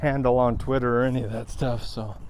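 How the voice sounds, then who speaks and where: A man's voice: mid-range voice, fairly even intonation, brisk, a little mellow. A middle-aged man talking to viewers on a walk, out of breath and subdued, with sighs and restarts. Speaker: vlogger. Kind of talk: casual vlog monologue.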